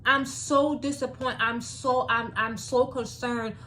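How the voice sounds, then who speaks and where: Preachy woman vlogger, high voice. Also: fairly even intonation, takes it slowly, pushed and bright, slight background noise. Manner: preachy, repeats points for emphasis. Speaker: commentary vlogger. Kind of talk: opinionated celebrity commentary.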